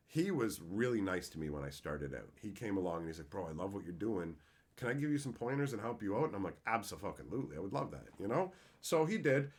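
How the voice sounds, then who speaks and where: A man streaming live, reading out chat messages and telling stories in a casual, swearing, up-and-down way. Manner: animated, swings between loud excited reading of chat and low reflective storytelling.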